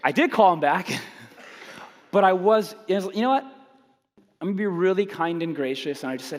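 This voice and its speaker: A man with a high voice preaches a sermon through humorous, self-mocking stories and acts out the people in them. His delivery is animated. The sound carries a long reverb from the hall. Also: normal speed, long pauses. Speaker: pastor.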